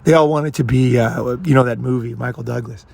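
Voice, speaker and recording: A man's voice: medium pitch, steady tone, fairly quick, creaky, darkish tone. An American man in his fifties, telling a rambling, profane story in a casual monologue. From United States. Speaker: channel host.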